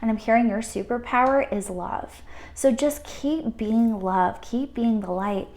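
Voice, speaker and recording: A woman giving a pick-a-card spiritual reading, speaking in a gentle, affirming and emotional way with many fillers. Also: on the high side, a little slow. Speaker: tarot card reader.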